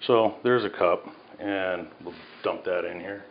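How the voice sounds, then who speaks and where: A man's voice: sits low, measured pace. A man cooking at home and talking casually, rambling with self-mocking jokes as he goes. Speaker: home cook. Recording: dull sound, faint background noise.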